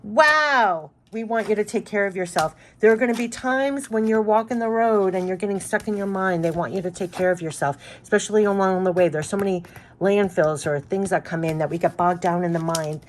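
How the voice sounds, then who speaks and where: A woman's voice: medium pitch, fairly even intonation, a little fast, darkish tone, a little hiss or hum. A woman giving a spiritual card reading, speaking in an earnest, effusive way and repeating her messages. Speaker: tarot card reader.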